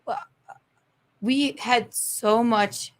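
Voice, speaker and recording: A woman co-hosting a podcast who tells stories in a lively, teasing way. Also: a little high, very slow. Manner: animated storyteller, teasing. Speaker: podcast co-host. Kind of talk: casual chat. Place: podcast studio.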